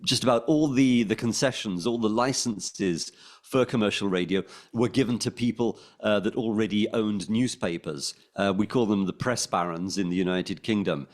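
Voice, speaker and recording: Low-voiced London man, rambling. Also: moderate pace. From England. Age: middle-aged. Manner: rambling, many fillers and restarts. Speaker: interviewee, former pirate radio DJ. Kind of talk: casual interview answers. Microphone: desk microphone.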